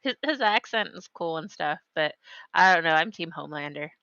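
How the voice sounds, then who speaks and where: A woman's voice: on the low side, expressive, brisk, gravelly, pushed and bright, no room sound, lo-fi sound. A woman in casual chat on a live stream, giggly and rambling as she searches for words.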